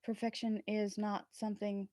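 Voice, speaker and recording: Animated spiritual woman chatting. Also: medium pitch, moderate pace, no echo, clean studio sound. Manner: earnest, spiritual, animated, laughs often. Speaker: tarot reader and channel host. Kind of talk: casual livestream chat.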